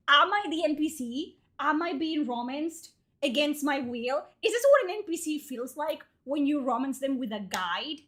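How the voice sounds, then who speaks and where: Animated high-voiced woman streamer. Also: moderate pace, hardly any pauses. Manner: exasperated, swears a lot, switches into Spanish. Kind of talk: casual gaming livestream commentary.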